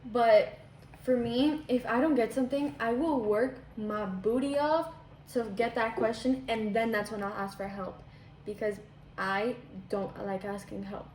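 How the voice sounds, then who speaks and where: A teenage girl chatting with her mother, eager and quick to argue her point. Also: fairly high pitch, steady tone, a little mellow. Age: teen. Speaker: daughter, eighth grader. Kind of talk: casual chat. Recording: echoey room with faint noise.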